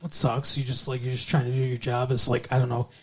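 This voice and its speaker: A man's voice: medium pitch, flat delivery, quick pace, slightly rough. A man co-hosting a podcast, recapping a TV episode in a loose, rambling way with plenty of swearing and filler words. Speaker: podcast co-host. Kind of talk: casual chat recapping a TV episode.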